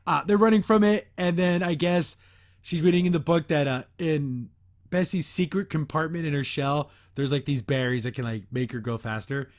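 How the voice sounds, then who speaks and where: A man's voice: a little high, fairly even intonation, moderate pace. Chatty man recapping a cartoon episode. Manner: rambling, lots of "like" fillers; chuckles often while recapping. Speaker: host. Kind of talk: casual episode review.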